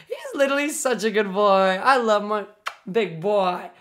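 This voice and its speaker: A woman streamer chatting casually on a live reaction stream, excitable, swearing often and doting on her pets. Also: mid-range voice, a little slow.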